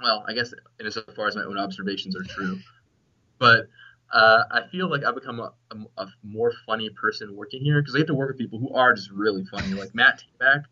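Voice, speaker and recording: A man's voice: fairly low pitch, fairly quick, pushed and bright, muffled recording. A young man, a game developer chatting casually as a podcast guest, joking and restarting his sentences often.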